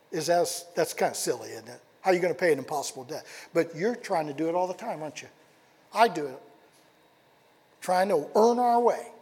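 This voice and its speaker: Husky high-voiced male preacher, reverberant hall. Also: a little fast. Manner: animated storytelling, rhetorical questions, drops to quiet emphasis. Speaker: pastor. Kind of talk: sermon.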